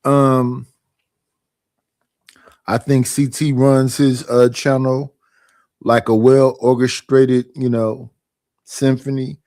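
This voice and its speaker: A man's voice: mid-range voice, level tone, slow, pauses often, darkish tone, no echo, studio quality. A man in casual stream chat, rambling about other channels.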